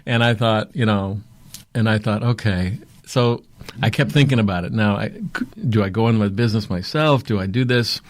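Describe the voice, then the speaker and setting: A middle-aged man, a talent agency owner, telling his story in a rambling, animated interview way. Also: lowish voice, moderate pace, dry recording. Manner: rambling, fillers, animated retelling.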